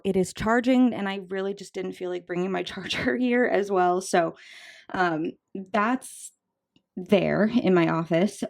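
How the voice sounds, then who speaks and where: A woman in her twenties talks casually to her viewers as a budgeting vlogger. She is bubbly and chatty, with plenty of "um" and "like" and quick asides, at a voice of middling pitch. She sounds a little out of breath. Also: creaky, darkish tone. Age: 20s. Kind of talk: casual chat to camera.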